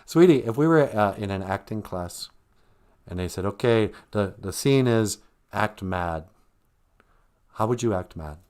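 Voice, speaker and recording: A man's voice: on the low side, expressive, unhurried, long pauses, a little mellow. A man hosting a live stream, chatting casually in a joking, rambling way and reading out viewer comments. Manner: joking, rambling, reads chat comments aloud.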